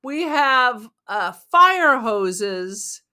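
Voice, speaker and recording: Bright, joking female podcast co-host. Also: fairly high pitch, big pitch swings, clear, resonant tone. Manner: joking, quick asides. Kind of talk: casual movie discussion.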